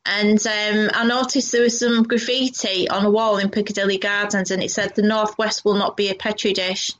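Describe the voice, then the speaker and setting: A woman's voice: mid-range voice, flat delivery, normal speed, fairly bright tone. A woman co-hosting a talk show, chatting casually and rambling with many fillers. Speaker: radio co-host. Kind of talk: casual chat interview. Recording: dull lo-fi audio.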